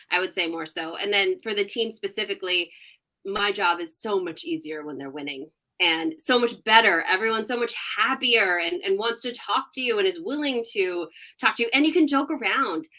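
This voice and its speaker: A woman in her thirties, a sports reporter, chats as a podcast guest with a bright, forceful tone. She tells her stories with animated energy and laughs often along the way. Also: mid-range voice. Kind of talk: casual podcast interview.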